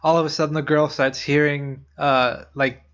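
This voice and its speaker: Young male podcast co-host, fairly high voice, loose filler-heavy storytelling, muffled lo-fi sound. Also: little pitch movement, moderate pace, a bit bright. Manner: rambling, many "like" fillers, blunt swearing. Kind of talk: casual chat, retelling urban legends. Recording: dull lo-fi podcast audio.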